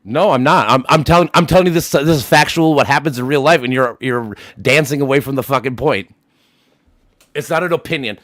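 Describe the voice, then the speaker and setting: A man's voice: medium pitch, fairly quick, fairly bright tone, no echo, clean studio sound. Heated, swearing man arguing. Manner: argumentative, swears a lot, repeats himself. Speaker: streamer. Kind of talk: heated casual debate.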